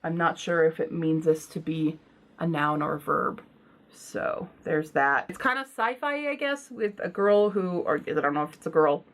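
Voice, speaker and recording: A woman's voice: low voice, moderate pace. A woman book vlogger talking casually and bluntly, with self-deprecating asides. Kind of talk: casual book unhaul vlog.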